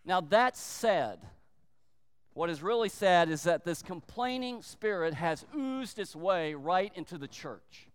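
Man, pastor, sermon, high voice, clear and smooth, emphatic preaching. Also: expressive, long reverb tail. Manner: emphatic preaching, slowing down for weight, brief acted quotes.

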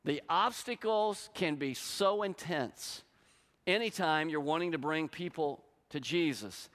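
A man's voice: on the high side, unhurried. A middle-aged male pastor preaching a sermon, telling stories and acting out the lines of the people in them. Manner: storytelling, animated, acts out quotes. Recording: long hall reverb.

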